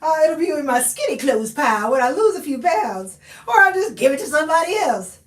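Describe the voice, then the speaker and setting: A woman with a high, very animated voice talks briskly during a live thrift try-on, laughing and chatting folksy with viewers she calls honey and y'all. She is out of breath, and her habit of stepping away from the camera mic leaves her sounding far off and often off-mic amid room echo.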